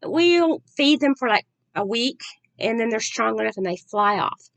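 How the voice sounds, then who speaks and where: A woman talking in a rambling, chatty and soft-spoken way as a crafting vlogger. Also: fairly high pitch, expressive, normal speed, creaky, dry recording. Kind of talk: casual chat.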